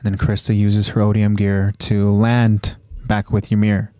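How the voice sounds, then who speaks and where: Excitable man recapping an anime. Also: fairly low pitch, clear, resonant tone, dry recording. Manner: animated, quick to jump ahead, loose fillers. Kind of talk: casual recap narration.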